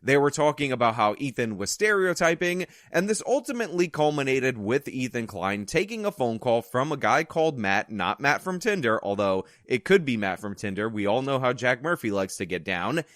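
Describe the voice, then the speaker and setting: A man's voice: medium pitch, very animated, moderate pace, few pauses, fairly bright tone, no echo, studio quality. A man hosting an opinion commentary video, delivering it with sarcastic, mocking asides.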